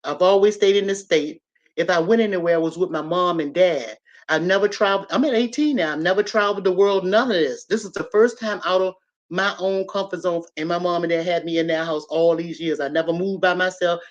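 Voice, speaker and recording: Animated woman telling a story. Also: fairly low pitch, fairly quick, lo-fi sound. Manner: animated, talks straight to listeners. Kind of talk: personal storytelling to an audience.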